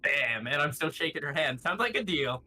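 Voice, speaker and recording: A man's voice: on the high side, very animated, normal speed, a crowd in the background. A man playing a tabletop game, joking and wheedling with the game master. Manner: playful and wheedling, laughs easily. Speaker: player.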